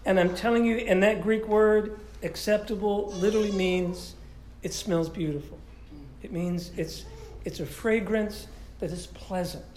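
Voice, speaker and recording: A man with a stuffy, congested nose delivers a sermon as pastor, casual and animated, often doubling back on his words. His voice rings around a reverberant church room. A faint background ambience sits under him. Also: high-pitched, measured pace, a little hiss or hum. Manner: animated, conversational preaching with frequent restarts. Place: church sanctuary.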